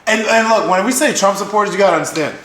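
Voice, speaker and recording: A man's voice: sits high, rapid-fire, fairly bright tone, echoey room, poor audio. A man on a casual podcast who chimes in with short, blunt remarks. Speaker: podcast co-host. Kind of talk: casual chat.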